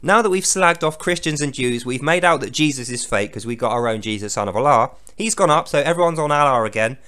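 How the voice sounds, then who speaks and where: A man's voice: medium pitch, expressive, fast talker, sharp tone, clean tone. A man giving sarcastic, profane commentary on a scripture reading. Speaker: host.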